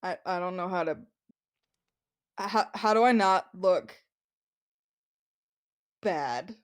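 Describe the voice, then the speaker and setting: A woman's voice: fairly low pitch, lively intonation, pitched below the performer's own voice. A woman voicing a nervous young nobleman who stammers and restarts as he speaks. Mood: flustered. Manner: halting, stammering.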